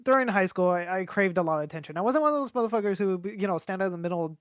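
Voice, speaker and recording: A man's voice: high voice, lively intonation, racing, smooth, dry recording. Young guy rambling thru a story on a podcast, lots of um and like, cursing, dry close mic. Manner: rambling storyteller, swears a lot, many fillers. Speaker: podcast co-host. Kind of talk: casual chat.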